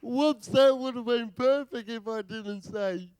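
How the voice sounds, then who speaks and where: An Australian man doing a stand-up comedy set, bantering with the crowd in a slow drawl. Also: extremely high pitch, a little mellow, smooth. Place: live venue with audience.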